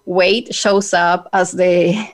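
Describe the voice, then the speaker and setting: A woman with a Spanish accent hosting a podcast, talking in an earnest, measured way with hesitant fillers. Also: lowish voice, fairly even intonation. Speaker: podcast host. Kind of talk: reflective podcast talk.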